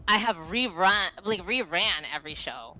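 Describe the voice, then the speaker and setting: A woman in her thirties, a podcast guest telling stories in a rambling, animated way full of fillers. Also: medium pitch, moderate pace, low-quality recording. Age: 30s. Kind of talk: casual podcast chat.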